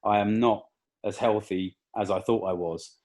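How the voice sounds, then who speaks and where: A young man with a lowish voice talks through a painful memory as a podcast guest. He stops and restarts often, his words catching with emotion. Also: fairly even intonation, darkish tone. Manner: halting, with many restarts and fillers, emotional. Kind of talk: emotional personal story in casual conversation.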